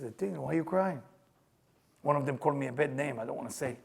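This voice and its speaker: A man's voice: on the high side, quick pace, vocal fry, a little mellow, a little hiss or hum. An older man teaching a Kabbalah class, emphatic, repeating his questions, with non-native English grammar. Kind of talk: spiritual class lecture.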